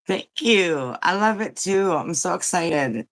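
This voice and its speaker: A woman hosting a relaxed livestream, talking at an unhurried, drawn-out pace. She rambles chattily with plenty of fillers and greets her viewers one by one. She sounds like she has just woken up. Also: fairly low pitch. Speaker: livestream host. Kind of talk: casual livestream chat.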